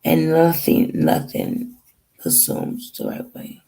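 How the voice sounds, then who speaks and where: Fighting back tears, a woman rambles through a painful family story to the camera, acting out the dialogue in an emotional personal account. Her voice is low, warm and sing-song with vocal fry, and she takes her time. The recording quality is low.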